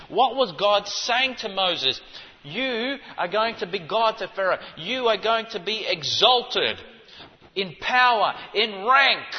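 A man preaching a sermon, teaching in an emphatic way and rising to forceful stresses. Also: high voice. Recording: dull audio with long hall reverb.

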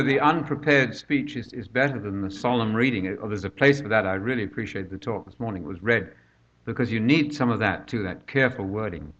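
A man's voice: fairly low pitch, noisy background. An older man preaching a conversational sermon, full of rhetorical questions, recorded on a dull lo-fi track.

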